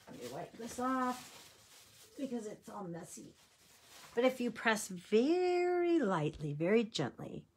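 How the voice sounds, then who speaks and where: A woman with a medium-pitched, somewhat dark voice hosts a casual craft tutorial. She chats upbeat with viewers and laughs at herself while working with her hands.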